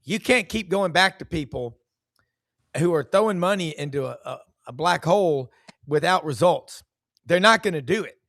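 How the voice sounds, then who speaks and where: A man hosts a live sports talk show in a folksy, effusive way, his voice sitting a little high for a man. He talks in quick bursts and piles up praise. The sound is close and dry, with no room around it. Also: lively intonation, a bit bright, no echo.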